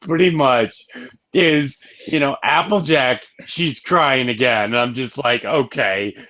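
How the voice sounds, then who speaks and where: A man's voice: mid-range voice, measured pace, pushed and bright. A man co-hosting a casual review show, recapping an episode with wry asides. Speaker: show co-host.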